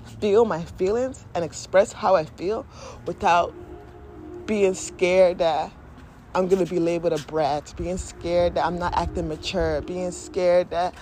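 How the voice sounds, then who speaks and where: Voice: medium pitch, steady tone, measured pace, a little mellow, slight background noise. A podcast host talking candidly and emotionally in a casual spiritual monologue, often laughing and acting out inner voices.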